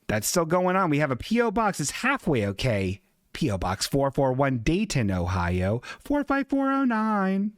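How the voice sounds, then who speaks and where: A man's voice: fairly high pitch, wildly swooping pitch, moderate pace, no room sound, studio quality. A man hosting a comedic live-stream show who talks in a rambling, flustered, jokey way. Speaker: host.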